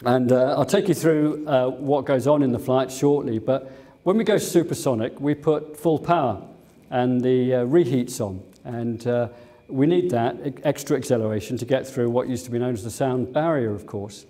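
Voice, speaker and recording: A man's voice: mid-range voice, normal speed, warm tone. An older English man, a former airline captain, giving a museum talk full of fond anecdotes and fillers. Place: museum lecture room.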